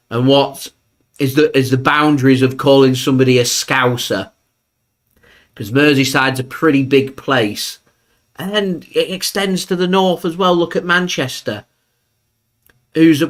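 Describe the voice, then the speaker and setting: A man hosts a live football watchalong from his fan channel. He talks in an easy, opinionated way and lifts his voice sharply when the action heats up. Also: fairly high pitch. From England. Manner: chatty, opinionated, bursts up for match action. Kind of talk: live match watchalong commentary.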